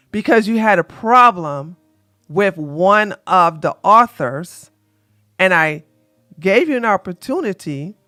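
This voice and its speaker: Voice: mid-range voice, pushed and bright, no room sound, studio quality. A live-stream dating advice host talking to the chat, brash and scolding, trash-talking with bursts of laughter and repeating phrases for emphasis.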